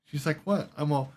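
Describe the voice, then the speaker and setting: With a voice sitting on the high side, this gaming streamer tells a long, wandering story while playing, full of swearing and quoted voices. There's slight background noise.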